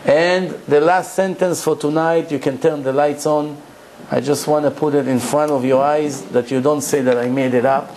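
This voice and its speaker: A man's voice: on the high side, steady tone, normal speed, a little mellow, a little hiss or hum, poor audio. A man, a rabbi, giving a Torah lecture to a live audience, preaching emphatically and telling stories with rhetorical questions.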